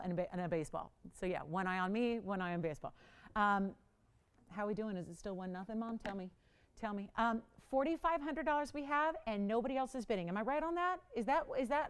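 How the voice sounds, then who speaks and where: A woman hosting a live TV jewelry auction, chatty and pleading, quick to laugh. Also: a little high, clear, resonant tone. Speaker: live shopping host. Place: TV studio.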